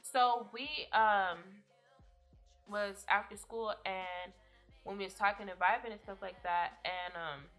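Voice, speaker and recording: A woman's voice: medium pitch, slow, fairly bright tone, soft background music. A young woman vlogger telling a rambling story time in a casual, profane way, often laughing.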